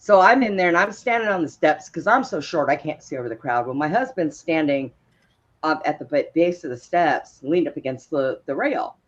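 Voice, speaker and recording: A woman's voice: low voice, lively intonation, normal speed. A woman spins casual anecdotes from her years as a police officer, laughing often. She acts out the voices in her stories. The sound is a little muffled and lo-fi. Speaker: guest, former police officer. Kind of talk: casual storytelling on a talk show. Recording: slightly dull, lo-fi sound.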